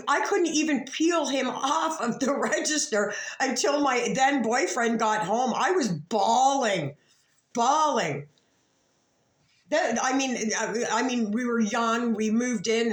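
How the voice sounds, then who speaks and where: A woman's voice: a little high, fairly bright tone. A woman giving casual, rambling online commentary, swearing freely and restarting her sentences. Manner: profane, rambling, with frequent restarts. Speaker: YouTube commentator. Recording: echoey room.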